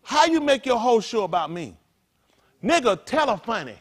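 A man's voice: very high voice, very animated, normal speed. A man preaching a casual, conversational sermon as pastor, colloquial and full of rhetorical questions.

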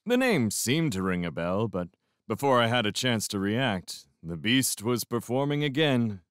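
Casting: deep-ish male fan audiobook narrator, slow and lively, dry close sound. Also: smooth, no room sound. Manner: slow, expressive first-person narration. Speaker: audiobook reader.

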